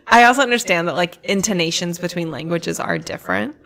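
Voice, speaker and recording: A woman co-hosting a podcast in casual chat, with vocal fry, explaining things like a teacher. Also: lowish voice, big pitch swings, fairly quick, fairly bright tone. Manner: chatty, explains language points like a teacher. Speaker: podcast co-host.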